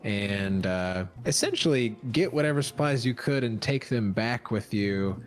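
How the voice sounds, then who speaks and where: Slow, hesitant man running a tabletop game. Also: lowish voice, lively intonation. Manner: slow, hesitant, with many fillers. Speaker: dungeon master. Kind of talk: narrating a tabletop game and voicing characters.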